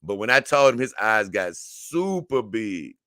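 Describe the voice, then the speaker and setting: A man's voice: on the low side, sing-song, unhurried, bright, forceful tone, dry recording, clean studio sound. A man hosting a casual livestream, reading out viewer comments and answering them in loose, repetitive, slang-heavy talk.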